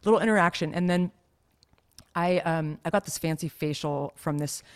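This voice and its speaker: Lowish-voiced chatty woman. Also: moderate pace, clean tone. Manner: chatty, rambling storyteller with many fillers. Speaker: podcast co-host. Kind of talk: casual chat.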